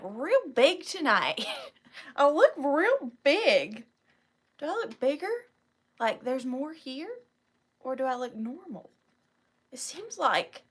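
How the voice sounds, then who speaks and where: Woman, live-sale host, playful and giggly, high voice that swoops around, slow easy delivery. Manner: playful, greets viewers by name, giggly. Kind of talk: casual live-stream chat. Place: home, evening live stream.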